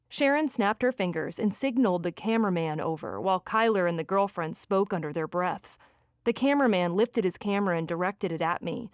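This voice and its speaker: Expressive woman narrating a romance audiobook. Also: fairly low pitch, a little fast, no room sound, studio quality. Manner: lively, expressive character reading.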